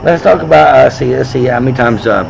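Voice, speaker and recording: A man's voice: medium pitch, creaky, background noise. A man telling crude stories in rowdy casual chat as a podcast co-host. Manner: crude, rowdy, quick storytelling.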